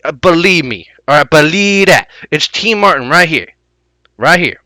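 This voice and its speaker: A man's voice: on the high side, lively intonation, normal speed, bright, forceful tone, no echo, rough recording. A man putting on a boastful, shady male gaming vlogger with a lisp, swaggering and rambling as a parody impression. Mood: cocky. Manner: swaggering, repeats his own name, hyped and rambling.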